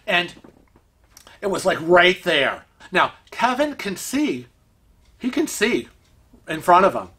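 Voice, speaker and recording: A man telling a story in an animated, excitable way to his vlog viewers. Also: high voice, takes it slowly, pauses often, breathy edge. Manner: animated, excitable storytelling with laughs and acted-out quotes. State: vision impaired, uses a cane. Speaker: vlog host. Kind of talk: casual storytelling.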